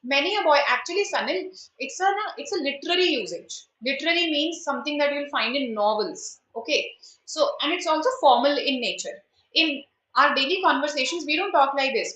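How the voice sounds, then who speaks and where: A woman's voice: high-pitched, expressive, brisk, fairly bright tone, roomy sound, poor audio. A woman teaching an online grammar lesson in Indian English, mixing in Hindi and quizzing her students. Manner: switches between English and Hindi, asks students questions. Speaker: online exam prep teacher. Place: indoors at home.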